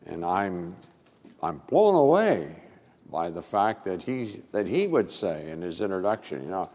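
A male pastor preaching a sermon with expressive delivery and sudden loud emphasis. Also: sits low, unhurried, long reverb tail.

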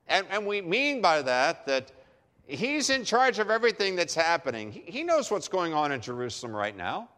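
A man preaching a sermon emphatically, with dramatic pauses and repeated phrases for effect. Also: on the high side, sing-song, fairly bright tone. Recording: long hall reverb.

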